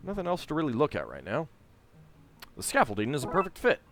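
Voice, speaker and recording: A man's voice: a little high, wildly swooping pitch, fast, noisy background. A man casually commenting while playing a point-and-click game, reading its lines aloud with chatty asides. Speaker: let's play host.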